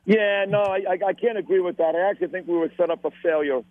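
A man's voice: high-pitched, quick pace, no echo. A middle-aged man with a Brooklyn accent, a radio host telling blunt, profane stories in casual conversation. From Brooklyn, New York. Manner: blunt, profane, emphatic storytelling. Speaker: radio host, podcast guest. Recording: dry tinny phone-line audio.

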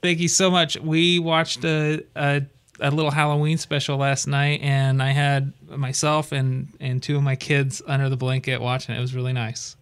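A man's voice: mid-range voice, little pitch movement, normal speed, fairly bright tone, clean tone. A man on a radio show staff, thanking a listener in a modest, chatty way and laughing easily.

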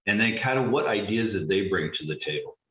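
A man's voice: on the low side, expressive, fairly quick. A man hosting a radio talk show, chatty and upbeat with lots of fillers. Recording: distant, echoey, phone-like sound.

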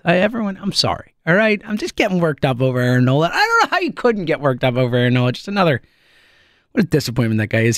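A man hosting a sports talk show solo, ranting in an animated, sarcastic way. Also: fairly high pitch, dry recording, clean studio sound. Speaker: sports podcast host.

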